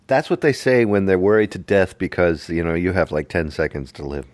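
Low, easygoing middle-aged man. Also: animated, fairly quick, dry recording. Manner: easygoing, rambling with many fillers. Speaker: podcast co-host. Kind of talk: casual chat.

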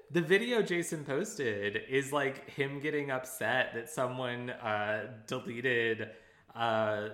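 A young man co-hosting a podcast, chatting casually and dropping wry, deadpan quips to the listeners. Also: medium pitch, takes it slowly, echoey room. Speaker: podcast co-host. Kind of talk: casual chat.

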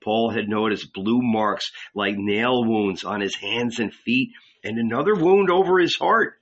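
Slow, bright-voiced male narrator. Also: fairly low pitch. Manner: measured storytelling. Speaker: audiobook narrator. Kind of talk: scripted narration. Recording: dull lo-fi recording.

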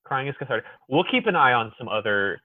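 A man as a podcast guest in casual chat, an animated, exuberant storyteller. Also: medium pitch, quick pace, a little hiss or hum. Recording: tinny phone-like dry sound.

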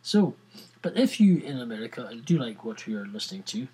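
A man's voice: medium pitch, big pitch swings, a little fast, a little mellow, slightly rough, poor audio. A Scottish man hosting a podcast, rambling in casual chat with giggles and many fillers. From Scotland. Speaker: podcast host.

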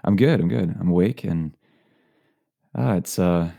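Deep, mellow-voiced male co-host. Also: measured pace, creaky. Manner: relaxed, easygoing, thoughtful with fillers. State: sleepy, early morning. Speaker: podcast co-host, high school teacher. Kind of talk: casual chat.

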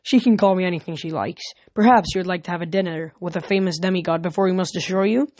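A woman's voice: lowish voice, moderate pace, darkish tone, no room sound, natural voice. Smarmy vain wind-god youth, as a woman reads him.

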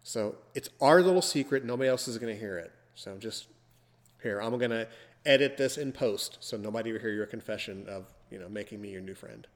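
A man's voice: lowish voice, fairly quick, long reverb tail. A man hosting a casual podcast, teasing his guest in a playful, theatrical way. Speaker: podcast host.

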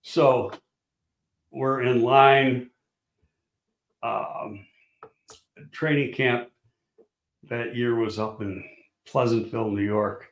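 Casting: older man, blunt rambling raconteur, mid pitch, recorded in a roomy space. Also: steady tone, very slow, long pauses, lo-fi sound. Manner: blunt, rambling storyteller with restarts and swearing. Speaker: guest, former football scout. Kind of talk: casual storytelling chat.

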